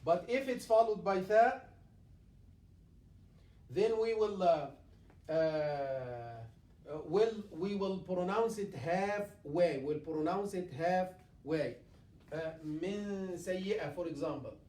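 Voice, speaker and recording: High-voiced imam, echoey and distant. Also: male voice, lively intonation, darkish tone. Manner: halting, many fillers, repeats and recites examples. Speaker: imam teaching Quran recitation. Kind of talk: classroom tajweed lesson. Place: mosque classroom. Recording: echoey room, mic far off.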